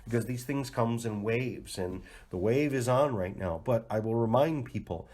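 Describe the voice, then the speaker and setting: Middle-aged guy rambling casually about health, laughs a lot, mid pitch, chatty and loose. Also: moderate pace, a little mellow. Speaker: host of a health advice show.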